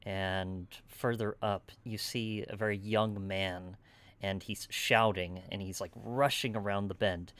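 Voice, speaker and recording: A man's voice: lowish voice, steady tone, unhurried, fairly bright tone. A man running a tabletop game as game master, narrating casually with many fillers and frequent "right?" check-ins.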